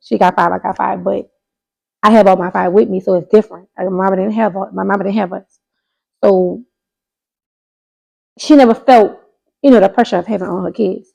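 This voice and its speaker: A woman's voice: medium pitch, steady tone, creaky, a little mellow, low-quality recording. A woman in her thirties co-hosting a casual podcast chat, speaking candidly and emphatically. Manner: candid and emphatic, quick bursts. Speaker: podcast co-host.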